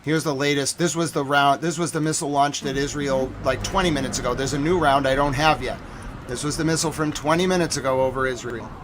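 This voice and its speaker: A man hosting a live stream, joking and repeating himself as he reacts to news footage, swinging between loud outbursts and quiet mutters. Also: medium pitch, quick pace, slight background noise.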